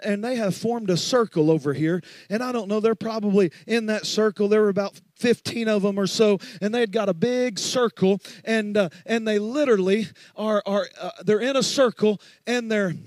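A man's voice: sits high, no echo. A man preaching a sermon as a guest preacher, emphatic and driving repeated refrains.

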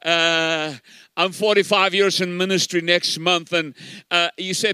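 Bright, high-voiced older male preacher. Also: unhurried, smooth, no room sound. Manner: emphatic preaching, repeats words for stress. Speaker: pastor. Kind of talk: sermon.

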